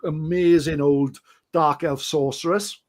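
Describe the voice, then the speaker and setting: A Welsh man with a slightly high voice talks at a slow, steady pace. He's a guest on a podcast, a wargamer and storyteller who rambles through self-deprecating anecdotes and keeps restarting his sentences.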